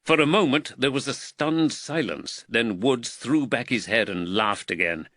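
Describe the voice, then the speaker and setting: A man reads a mystery with measured, expressive narration. His tone is bright and his pitch moves a lot. The recording is close and dry. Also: dry recording. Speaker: audiobook narrator. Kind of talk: scripted narration.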